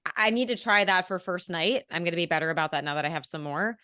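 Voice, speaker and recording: A woman's voice: on the low side, fast talker, sharp tone, no echo, studio quality. A woman co-hosting a podcast, telling a personal story in a chatty, playful way. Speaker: podcast co-host. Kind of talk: casual interview chat.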